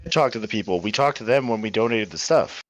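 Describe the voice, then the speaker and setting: A man's voice: lowish voice, animated, fast, no room sound. A man playing a tabletop game, arguing his case to the game master. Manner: argumentative, defends the party. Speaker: player. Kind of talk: casual chat at a game table.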